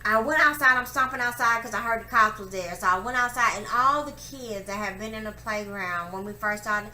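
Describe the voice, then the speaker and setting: Young woman, profane, emphatic storytelling, bright forceful voice, echoey room, faint background noise. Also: fairly high pitch, brisk. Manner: profane, emphatic, acts out quotes loudly. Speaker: vlogger telling a personal story. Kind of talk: candid storytelling monologue.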